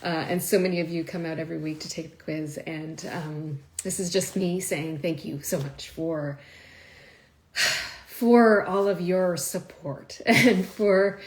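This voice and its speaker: A woman's voice: lowish voice, a little slow. A woman chatting casually to viewers on a live stream, emotional and laughing often, with many fillers. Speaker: wine video creator.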